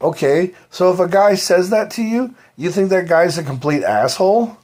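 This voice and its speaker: A man holding forth on his own live stream in a slightly high voice. He wanders from point to point, swears freely and fills the gaps with "you know" and "like". The talk is loose, unscripted and off the cuff. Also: animated, normal speed, a little mellow. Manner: profane, rambling, heavy fillers. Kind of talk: rambling live-stream monologue.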